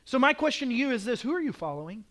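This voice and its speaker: A pastor with an Oklahoman accent preaches from the pulpit in a rapid-fire delivery. His voice is very high for a man, and he tells animated stories, acts out scenes, and at times rises to a shout.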